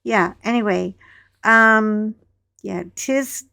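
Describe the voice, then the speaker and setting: A woman's voice: medium pitch, very slow, creaky, pushed and bright, no echo, clean studio sound. A woman, probably middle-aged, chatting casually and frankly while she colors, telling a gossipy story. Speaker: coloring channel host.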